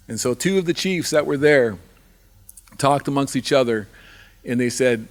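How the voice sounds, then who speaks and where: A man's voice: mid-range voice, normal speed, pauses often. Man telling a traditional story aloud. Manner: repetitive, rhythmic with restarts. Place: live fundraiser event.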